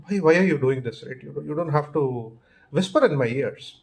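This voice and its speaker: A man's voice: fairly high pitch, lively intonation, normal speed, gravelly, a little mellow. A man voicing a patient friend back from the city in a told story, reasoning with mild exasperation.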